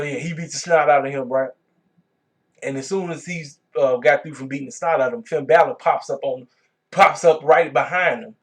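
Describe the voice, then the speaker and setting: A man hosting his own wrestling review vlog, talking casually and reacting with animated disbelief. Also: mid-range voice. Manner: animated, colloquial, exclaiming in disbelief. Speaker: wrestling review channel host.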